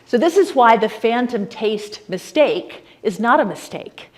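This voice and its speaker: A woman giving a conference lecture, explaining ideas in a lively, conversational way with frequent fillers and asides to the audience. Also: on the high side, a little slow. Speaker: conference speaker.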